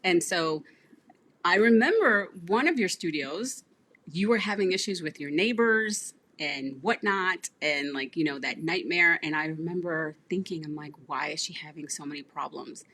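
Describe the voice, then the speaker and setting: A woman's voice: lowish voice, lively intonation, a little slow, fairly bright tone. A woman business coach hosting a livestream, chatting casually and telling client stories with acted-out dialogue. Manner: storytelling, acts out client dialogue, laughs often.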